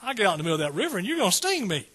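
A man's voice: high-pitched, very animated, racing, sharp tone, breathy edge, heavily acted. A man voicing a cautious male frog in a fable told during a sermon, sounding doubtful and easily talked round. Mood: wary.

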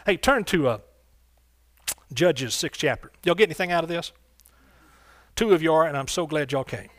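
A man's voice: a little high, animated, normal speed, no echo. Fervent preacher man, dry sound. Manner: fervent, call-and-response preaching with exclamations. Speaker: pastor. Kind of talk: sermon. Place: church sanctuary.

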